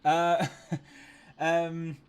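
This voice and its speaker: A man's voice: on the high side, monotone, very slow, smooth. A young Scottish man hosting a train simulator livestream, rambling casually through anecdotes with lots of swearing, fillers and laughter. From Scotland. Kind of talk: casual gaming commentary with anecdotes.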